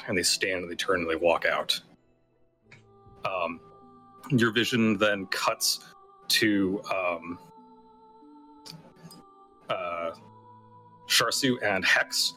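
A man's voice: sits low, very slow, long pauses, sharp tone, soft background music, rough recording. A man narrating as game master of a tabletop game, in a casual way with lots of fillers and restarts.

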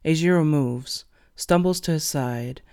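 A man narrating fan fiction aloud in an expressive storytelling way. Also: a little high, measured pace, clean tone.

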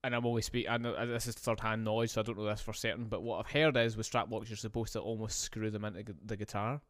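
A man's voice: lowish voice, fairly even intonation, fast talker, fairly bright tone, no room sound. Man, 20s, casual storyteller, rambling podcast co-host, close dry mic. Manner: rambling, filler-heavy, laughs through a story.

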